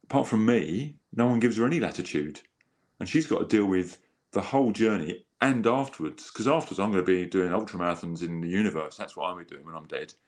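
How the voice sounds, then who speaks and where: A man with a low, expressive, slightly mellow voice talks fast as a guest telling his own story. He's earnest and rambling, often restarting sentences and acting out quotes in this candid, conversational storytelling.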